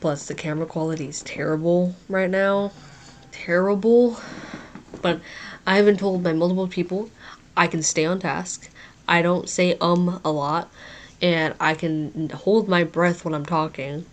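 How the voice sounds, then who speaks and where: A woman podcaster chatting casually on camera, a little hoarse from losing her voice, nervous and restarting her sentences. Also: lowish voice, fairly even intonation, moderate pace, slight background noise. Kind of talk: casual video review and rambling sign-off.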